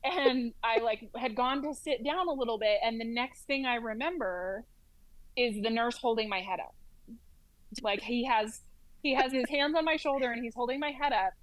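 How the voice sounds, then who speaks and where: A woman working as a flight nurse practitioner, telling stories as an interview guest in a lively way, with lots of "like" and "um". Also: fairly high pitch, moderate pace, dry recording, poor audio. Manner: lively storyteller, heavy use of "like" and "um". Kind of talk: casual storytelling in an interview.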